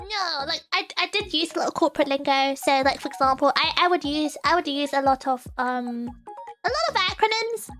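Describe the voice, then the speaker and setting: Very high, giggly woman streamer. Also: bright, forceful tone. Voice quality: giggly, laughs often. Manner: playful, self-mocking rants. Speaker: streamer host. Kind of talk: casual live-stream chat.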